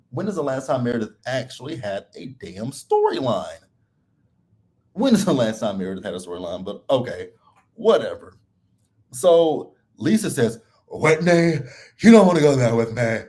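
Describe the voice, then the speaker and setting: A man hosting a live reality TV recap, talking casually and bluntly and laughing a lot. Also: medium pitch. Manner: blunt, animated and laughing often.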